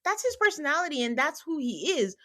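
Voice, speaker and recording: A woman's voice: high voice, fast talker. A woman hosting a podcast, recapping a reality show in casual chat and acting out the people she quotes. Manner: animated, quotes people in put-on voices; calls listeners "guys". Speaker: podcast host.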